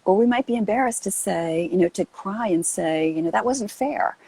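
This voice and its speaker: A woman's voice: fairly low pitch, fairly quick, warm tone, breathy edge, no echo, rough recording. A woman hosting a casual live chat on a video call, earnest and rambling with lots of fillers. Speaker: host.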